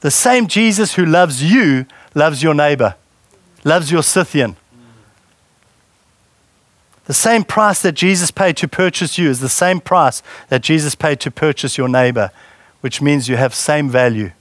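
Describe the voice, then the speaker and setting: A man preaching, his voice sitting a little high for a man. He speaks conversationally and keeps putting questions to the listeners. The sound is dry and close. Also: moderate pace, fairly bright tone, dry recording. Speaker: pastor. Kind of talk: sermon.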